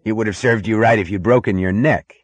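A man playing a blunt, gruff, muscular man in an audiobook who speaks bluntly and without any polish. The voice is deep and recorded dry. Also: moderate pace, a little mellow, no room sound.

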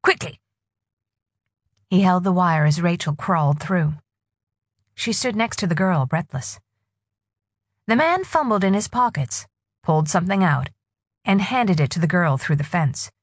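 A woman narrating a novel in a husky voice with expressive storytelling. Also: fairly low pitch, normal speed, long pauses, dry recording, studio quality. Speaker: audiobook narrator. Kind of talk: scripted narration.

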